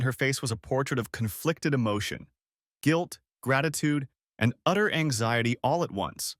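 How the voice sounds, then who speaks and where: A man narrating a first-person revenge story in a measured, wry storytelling manner, recorded close to the mic. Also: medium pitch, expressive, fairly bright tone, no echo.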